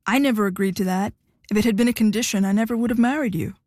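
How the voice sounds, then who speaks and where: A woman's voice: mid-range voice, rapid-fire, darkish tone, no room sound, clean studio sound, lightly acted. A woman voicing a blunt, defiant young woman who speaks curtly and coldly. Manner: blunt, curt.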